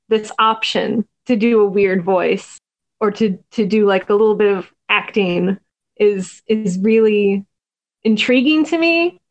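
A soft-spoken woman being interviewed on a podcast, chatting casually with frequent laughs and restarts. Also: medium pitch. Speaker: podcast guest, new tabletop gamer.

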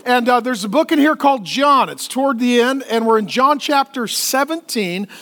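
A middle-aged man, a pastor, preaching a sermon in a conversational, animated way and joking with the congregation. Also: extremely high pitch, moderate pace. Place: church auditorium. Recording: long reverb of a large hall.

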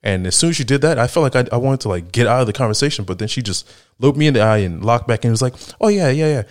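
Rapid-fire and expressive, with a medium-pitched voice, this Chicago-area man in his thirties hosts a podcast. His storytelling monologue is casual and rambling, with frequent laughter and lots of "like" and "right?".

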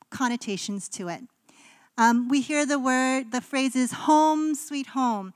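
A woman's voice: a little high, clean tone, dry recording. A woman pastor from Canada giving a conversational sermon in a casual, chatty way, with frequent ums and likes.

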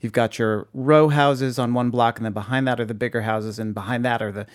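A man's voice: mid-range voice, steady tone, brisk, dry recording, clean studio sound. A man from the Boston area co-hosting a podcast, chatting casually and with enthusiasm. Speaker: podcast co-host. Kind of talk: casual chat.

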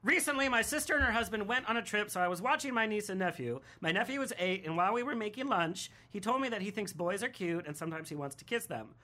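A podcast co-host who reads listener letters and fires off sarcastic, mock-outraged jokes. The voice is bright and sharp, with a middle pitch. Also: animated, quick pace, hardly any pauses. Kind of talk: casual chat.

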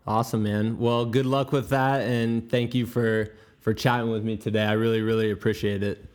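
A man's voice: fairly low pitch, little pitch movement, moderate pace, darkish tone, clear, resonant tone. A man hosting a podcast, chatting casually, rambling and stumbling over his words and laughing easily. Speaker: podcast host.

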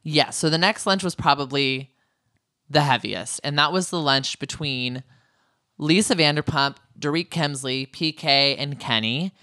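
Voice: mid-range voice, bright, forceful tone, no room sound. Podcast cohost riffing on reality tv, opinionated and jokey, close dry mic. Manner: opinionated, jokey, quick asides. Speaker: podcast co-host. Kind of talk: casual reality-TV recap chat.

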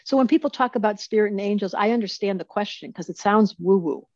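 A woman in her sixties talks through a video call. She tells her stories in a lively, practical way and acts out the lines people said. The audio is a bit dull and muffled, and the sound is dry and close. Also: mid-range voice, fast talker, no room sound. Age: 60s. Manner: animated storyteller who acts out quoted speech. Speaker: astrologer guest. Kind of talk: casual interview storytelling.

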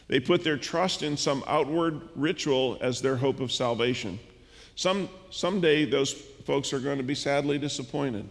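A man's voice: mid-range voice, gravelly. A male pastor preaching a sermon, telling a story and acting out its dialogue. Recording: church hall with long reverb.

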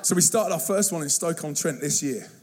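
A man preaching an energetic sermon to a church, telling stories in a punchy, slangy, excitable way. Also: on the high side, brisk, faint music behind. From United Kingdom. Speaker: guest youth evangelist. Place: church service.

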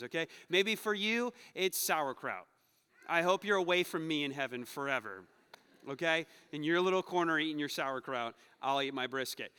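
A man preaching a conversational sermon, moving between playful asides and quiet, earnest passages. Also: a little high, clear, resonant tone. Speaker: pastor. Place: church sanctuary. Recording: long reverb of a church hall.

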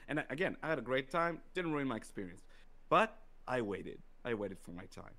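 A man telling a story in casual podcast chat, profane and animated, acting out quotes. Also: medium pitch, brisk.

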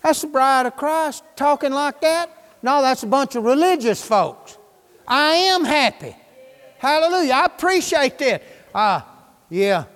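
A preacher, a man with a high voice, delivers a fervent, folksy sermon. He peppers the congregation with quick questions. His voice rings out with a long reverb in a church hall. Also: animated, fairly bright tone.

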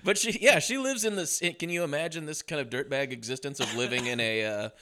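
A man with a bright, lively-toned voice chats about movies on a podcast, quick with sarcastic jokes. His pitch sits in a middle range. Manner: jokey, sarcastic asides. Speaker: podcast co-host. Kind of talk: casual film discussion.

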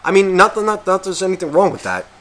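A man co-hosting a podcast, telling a story in a casual, profane, animated way and acting out quotes. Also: sits high, fast. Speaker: podcast co-host.

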